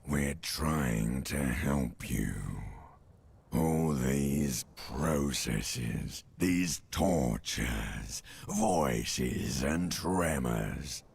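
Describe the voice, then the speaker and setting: Give me a primal reptilian brain that rumbles at the very bottom of the range. It drawls each word out with crushing slowness, gravelly and rough as stone. It's a taunting, ominous presence from a video game. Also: male voice, expressive, a little mellow, full character voice. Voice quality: deep gravelly rasp. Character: ancient reptilian brain, male, primal, menacing.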